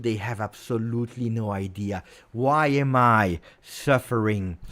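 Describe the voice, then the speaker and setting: Exasperated man ranting over a match. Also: lowish voice. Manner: exasperated ranting with many repetitions. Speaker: football fan streamer. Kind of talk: live match watch-along reaction.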